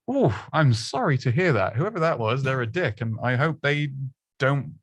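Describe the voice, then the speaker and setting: A man's voice: mid-range voice, very animated, moderate pace, no echo. A man giving casual, chatty presenting advice, self-deprecating and full of restarts and little laughs. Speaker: presenting coach.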